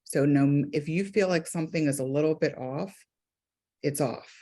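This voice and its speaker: A woman's voice: deep voice, normal speed, dark tone. A woman counselor talking on a group video call, earnest and emphatic, often repeating phrases for stress. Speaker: counselor and therapist.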